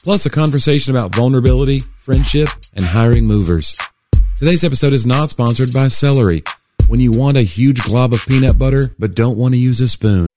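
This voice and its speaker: A man reading a quick, punchy podcast intro. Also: medium pitch. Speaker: show announcer. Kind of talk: scripted intro. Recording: hip hop music bed.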